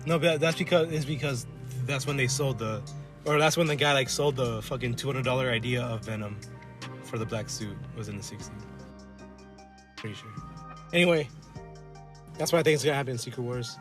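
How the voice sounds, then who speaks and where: A man co-hosting a casual podcast, rambling and swearing as he riffs and acts out characters in quick asides. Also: mid-range voice, over music. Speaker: podcast co-host. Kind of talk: casual chat. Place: collectibles shop.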